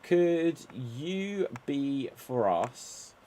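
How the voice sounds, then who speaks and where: A man hosting an improv comedy show, setting up scenes in a brisk, laughing way. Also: mid-range voice, sing-song, dark tone, slight background noise.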